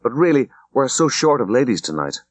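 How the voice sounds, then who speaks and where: A man voicing a brisk young woman who hosts a dance, coaxing her guests quickly and brightly. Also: mid-range voice, very animated, dry recording, voice pushed up. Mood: eager.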